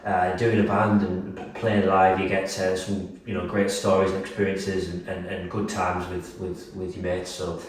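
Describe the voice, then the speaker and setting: A man's voice: sits low, flat delivery, moderate pace, hardly any pauses. A man with a Geordie accent, a band's singer and guitarist, chatting and telling stories with lots of ums and uhs. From Newcastle, England. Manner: rambling, many ums and uhs, laughs through stories. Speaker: band vocalist and guitarist, guest. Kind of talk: casual chat with anecdotes. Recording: roomy, distant mic, audible noise.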